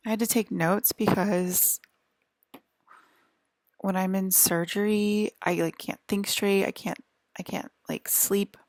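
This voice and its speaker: A woman vlogger talking in a rambling, halting monologue full of restarts and fillers, sometimes dropping to a whisper. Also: medium pitch, steady tone, dry recording.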